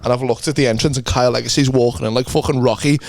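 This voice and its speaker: A man's voice: mid-range voice, fairly even intonation, rapid-fire, gravelly, slight background noise. A young man co-hosting a podcast, a stand-up comedian telling crude stories in a casual chat with frequent laughter.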